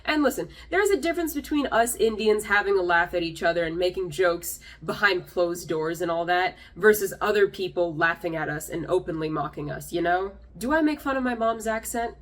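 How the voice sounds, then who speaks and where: A woman's voice: lowish voice, expressive, fairly quick, hardly any pauses. Wry, sarcastic woman host. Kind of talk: comedic commentary.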